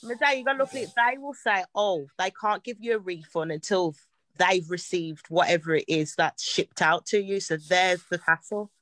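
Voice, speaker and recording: A woman co-hosting a casual family podcast, animated and quick to jump in. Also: fairly low pitch. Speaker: podcast co-host.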